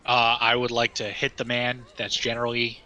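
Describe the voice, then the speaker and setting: A man playing a tabletop game in casual chat, blunt and quick to swear and laugh at his dice. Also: mid-range voice, monotone, sharp tone. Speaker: player.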